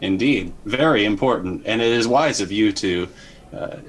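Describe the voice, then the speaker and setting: A man playing a courteous robot with a low voice, speaking in careful, stilted phrases. He sounds prim and earnest, in a homemade tabletop game session. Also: moderate pace, lightly acted, poor audio. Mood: formal. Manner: stiff, formal diction. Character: overly polite male robot companion.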